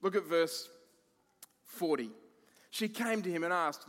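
A man preaching a sermon as pastor, expressive, moving between emphatic lines and hushed ones. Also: fairly high pitch, measured pace, pauses often, in a large hall.

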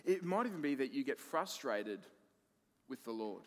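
A man preaching a sermon as pastor, expressive, moving between emphatic lines and hushed ones. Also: medium pitch, moderate pace, in a large hall.

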